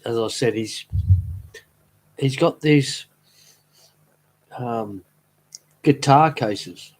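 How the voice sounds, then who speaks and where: A man's voice: medium pitch, darkish tone. A man chatting casually on a live stream, rambling fondly and laughing easily. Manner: rambling, fond and easily amused. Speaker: streamer talking to chat.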